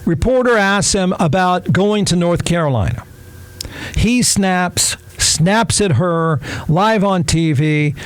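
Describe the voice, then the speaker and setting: Man, talk show host, high-pitched, snarky, irreverent sports commentary. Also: slow, clean tone.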